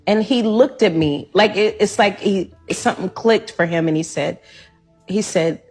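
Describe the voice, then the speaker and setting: Husky woman telling an emotional story. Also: mid-range voice, a little slow, a little mellow, faint music behind. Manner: emotional, acting out quoted lines. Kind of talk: personal storytelling in an interview clip.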